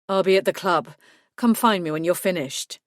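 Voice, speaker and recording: A woman voicing a suave male vampire who speaks in a low, tender purr, in an audiobook. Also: normal speed, no room sound, clean studio sound, lightly acted.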